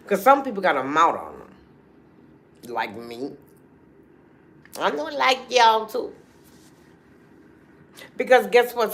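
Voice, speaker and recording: A woman, hosting a casual livestream and talking straight to her viewers in a chatty, animated way. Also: medium pitch, gravelly. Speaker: livestream host.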